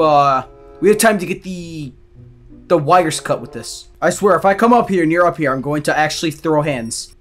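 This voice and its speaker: Jumpy, foul-mouthed young gaming host. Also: male voice, high-pitched. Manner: jumpy, yells and screams when startled, swears freely. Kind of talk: gaming commentary.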